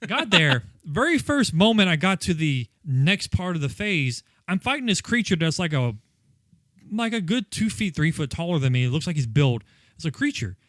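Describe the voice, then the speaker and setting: A man's voice: a little high, very animated, normal speed, a bit bright, no echo. Swearing man ranting about a game. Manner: profane, frustrated ranting storyteller. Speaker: podcast co-host. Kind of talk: casual podcast chat.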